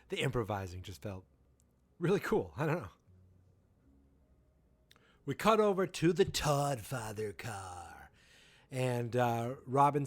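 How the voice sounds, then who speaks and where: A man in his forties hosting a podcast, casually recapping an episode with animated storytelling and quick quoted impressions. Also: mid-range voice, no echo. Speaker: podcast host.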